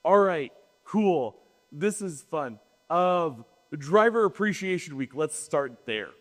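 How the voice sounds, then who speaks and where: Quick joking man in a reverberant hall. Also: fairly high pitch, expressive. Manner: quick, joking, sarcastic asides. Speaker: podcast co-host. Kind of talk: casual panel talk. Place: hall at a trade show.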